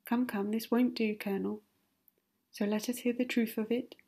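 A woman's voice: on the high side, steady tone, normal speed, dark tone, slightly rough. A woman voicing a nosy, meddling older lady in a whispered role-play with a prying, insistent manner.

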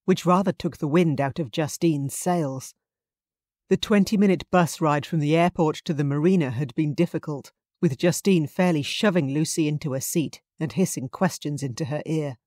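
A woman reading romance narration in a calm, even storytelling manner. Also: deep voice, no room sound, clean studio sound. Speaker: audiobook narrator. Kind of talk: scripted narration.

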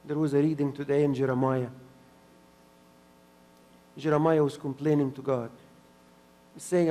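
A man preaching a sermon in an earnest way, repeating phrases for emphasis and swinging between soft and loud. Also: fairly high pitch, level tone, a little slow, long pauses, long reverb tail. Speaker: pastor.

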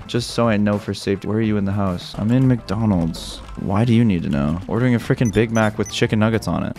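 A young man hosting a gaming video, panicking and exclaiming in excitable gameplay commentary with rapid repeats. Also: lowish voice, soft background music.

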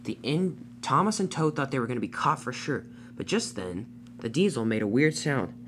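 A narrator telling a homemade toy-train story with lively delivery. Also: medium pitch, moderate pace, slight background noise. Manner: animated storytelling.

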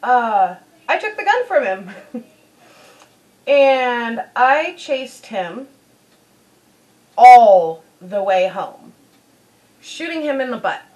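A woman's voice: high voice, sing-song, takes it slowly, pauses often, rough recording. A woman beauty vlogger telling a personal story in a chatty way, full of "you know"s. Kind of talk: casual storytelling.

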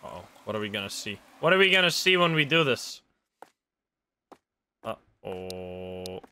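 A man's voice: fairly low pitch, big pitch swings, unhurried, sharp tone, smooth. A man thinking aloud and reacting to the game as he plays, on a live gameplay stream.

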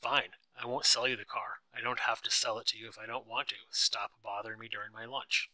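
A man's voice: mid-range voice, little pitch movement, a little fast, bright, forceful tone, no echo, low-quality recording. A man voicing a big, arrogant wealthy man who talks bluntly and dismissively in a storybook reading.

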